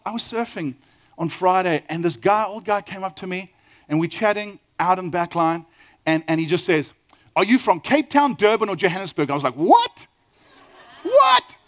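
Animated South African preacher man. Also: high voice, fairly quick. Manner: animated storytelling, asks the audience questions, acts out quoted dialogue. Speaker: pastor. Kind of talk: sermon.

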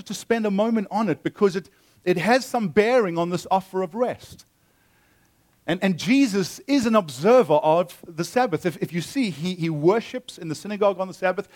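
A man preaching a sermon with a booming voice, reading scripture and then explaining it earnestly and emphatically, often restarting his phrases. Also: a little mellow. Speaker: pastor. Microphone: amplified on a sound system.

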